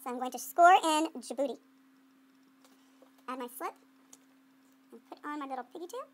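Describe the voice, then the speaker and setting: A woman's voice: sits high, lively intonation, moderate pace. A woman art teacher giving a playful running commentary while she demonstrates clay sculpting to students.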